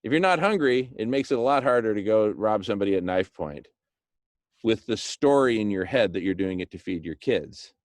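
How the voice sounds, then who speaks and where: A man talking with enthusiasm, pitching a plan and acting out little scenes, with "right?" thrown in often. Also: lively intonation, a little fast, no room sound. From Hispanic background, speaks Spanish. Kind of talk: animated monologue.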